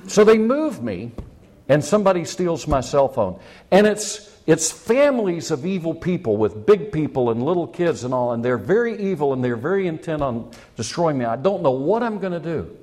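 A man's voice: on the high side, a little mellow. A man preaching a sermon as pastor, building up with rising questions and impassioned appeals.

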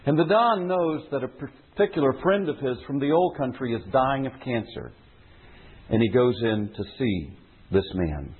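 A man's voice: medium pitch, expressive, moderate pace, breathy edge. A man preaching a sermon in an earnest, emphatic way, at times reading a passage from a novel aloud. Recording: tinny phone-like sermon recording.

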